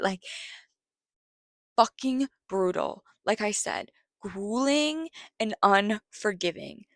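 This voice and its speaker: Woman film reviewer, casual and sweary, gravelly fry, dry close sound. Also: mid-range voice, fairly bright tone, no echo. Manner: chatty, swears freely, heavy use of "like"; gets worked up retelling tense scenes.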